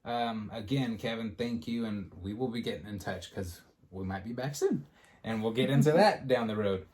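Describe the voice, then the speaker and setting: A man hosting a podcast, telling a story in casual chat and acting out the quotes with lively energy. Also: lowish voice, moderate pace. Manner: animated, acts out quotes in a storytelling style. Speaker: podcast host.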